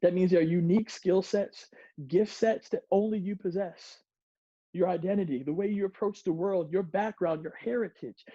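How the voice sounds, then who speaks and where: A playful workshop presenter talks to a group, acts out examples and laughs between points. The voice is dark and mellow. The sound is dry and dull, like a lo-fi recording. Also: mid-range voice, normal speed, no room sound.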